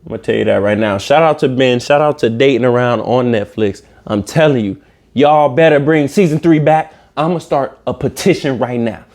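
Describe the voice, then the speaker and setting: A man hosting a reaction video, giving casual comedic commentary with animated, emphatic outbursts. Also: mid-range voice, brisk.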